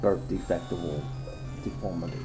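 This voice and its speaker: A man's voice: deep voice, steady tone, moderate pace, music in the background, low-quality recording. A man co-hosting a casual podcast, reading monster legends aloud in a crude, joking way and laughing often. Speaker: podcast co-host.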